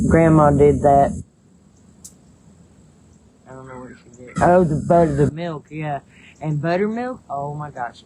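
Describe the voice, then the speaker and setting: Folksy woman, mellow voice. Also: sits low, slight background noise, low-quality recording. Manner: rambling, folksy, chuckles often. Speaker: livestream host reading viewer comments. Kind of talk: casual live-stream chat.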